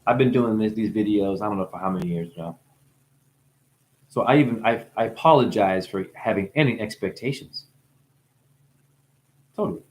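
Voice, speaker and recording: Rambling, high man swearing freely. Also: moderate pace, long pauses, darkish tone. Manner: swings between mumbling and sudden high exclamations; profane, playful. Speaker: spiritual video maker. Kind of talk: rambling monologue.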